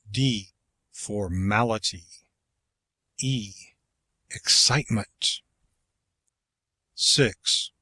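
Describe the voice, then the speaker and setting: A man reading a public speaking textbook aloud as audiobook narration, in a slow, measured way through numbered exercises. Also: lowish voice, fairly bright tone, no room sound.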